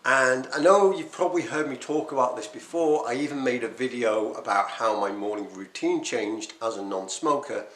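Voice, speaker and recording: A man speaks straight to the camera, animated and emphatic, poking fun at his old habits. His voice sits at an ordinary middle pitch. The room gives it a noticeable echo. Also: moderate pace, few pauses. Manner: animated, emphatic, self-deprecating. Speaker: quit-smoking coach and vlogger. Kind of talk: unscripted talk to camera. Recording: echoey room.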